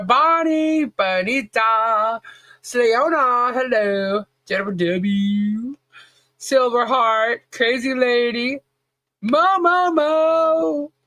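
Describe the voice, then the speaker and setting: A woman's voice: a little high, bright, forceful tone, dry recording. A woman co-hosting a casual livestream podcast, chatty, laughing often and greeting viewers by name. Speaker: podcast co-host.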